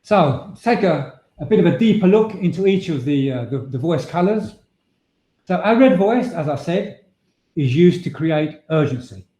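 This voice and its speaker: A man's voice: fairly high pitch, animated, dark tone. A man presenting a webinar on voice and leadership, explaining points steadily with occasional restarts. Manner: measured, explanatory, with frequent filler restarts. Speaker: voice and presentation trainer. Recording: echoey room sound.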